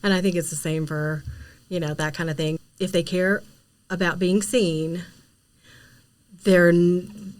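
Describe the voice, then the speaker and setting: A woman hosting a casual podcast interview, talking in a relaxed, conversational way and laughing easily. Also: fairly low pitch, measured pace, pauses often. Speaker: podcast host.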